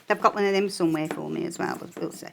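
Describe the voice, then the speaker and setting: A woman's voice: fairly low pitch, fairly even intonation, quick pace, creaky, slight background noise. A woman giving a live sewing demonstration on a shopping channel, chatty and jokey as she explains each step.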